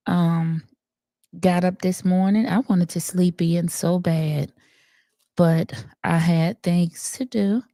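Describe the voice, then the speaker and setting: A woman doing a slow, gravelly, gentle greeter. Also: lowish voice, no echo, clean studio sound, voice pushed down, full character voice. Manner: slow, hesitant, full of ums and uhs. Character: impression of a soft-spoken gentle woman greeting viewers. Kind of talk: live stream impression.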